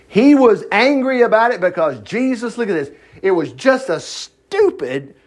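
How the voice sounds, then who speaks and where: Man, bible reading with running commentary, expressive pitch swings, fairly high voice. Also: normal speed, hardly any pauses. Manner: animated, breaks into asides and acted-out voices. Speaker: Bible teacher.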